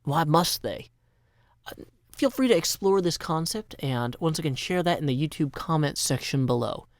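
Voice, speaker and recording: A man's voice: on the high side, expressive, normal speed, dry recording, clean studio sound. A man from Nashville with a Southern US accent, chatting playfully as host while explaining a game he built. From Nashville, Tennessee. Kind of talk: game commentary.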